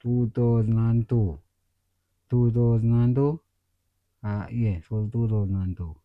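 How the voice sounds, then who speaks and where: A man's voice: medium pitch, fairly even intonation, measured pace, dry recording. A man from Jamaica with a Jamaican accent, co-hosting a podcast in casual chat, laid-back and agreeable, slipping into patois. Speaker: podcast co-host. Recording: dull lo-fi audio.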